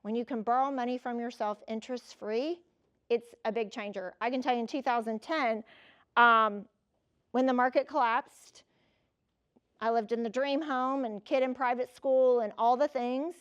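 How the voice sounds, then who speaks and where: A woman in her fifties giving a motivational keynote, telling personal stories in a lively, conversational way and talking straight to the audience. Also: a little high, moderate pace, clean tone, dull audio. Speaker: keynote speaker.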